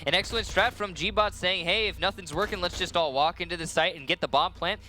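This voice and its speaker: A man's voice: high-pitched, a little fast, sharp tone, faint music behind. A man casting a competitive shooter match, breaking down plays in a chatty, analytical way. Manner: analytical, chatty, laughs easily. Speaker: esports caster. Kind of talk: play-by-play commentary.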